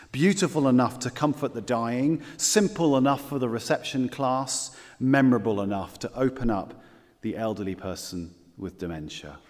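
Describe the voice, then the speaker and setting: A man preaching a sermon, earnest, dropping his voice low on key words. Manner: earnest, varies loudness for emphasis, drops low on key words. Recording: long reverb of a large hall.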